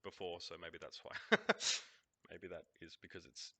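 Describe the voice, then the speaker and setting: Over a match replay, an Australian man hosts a casual broadcast review in a deep, sharp voice with little pitch movement and a moderate pace. He rants bluntly and swears freely.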